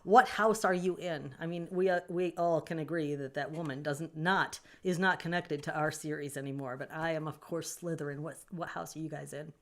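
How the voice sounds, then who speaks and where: A woman with a Southern US accent, hosting her own livestream and chatting with viewers, playful and quick to laugh. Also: sits low, fairly even intonation, a bit bright. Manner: chatty, bursts into laughter, playful mock scolding. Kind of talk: casual livestream chat reading comments.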